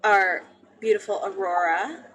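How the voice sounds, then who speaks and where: A woman's voice: mid-range voice, steady tone, unhurried, fairly bright tone, rough recording. A woman hosting as game master, introducing the players and brushing things off with a reassuring "it's fine.". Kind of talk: casual tabletop game banter.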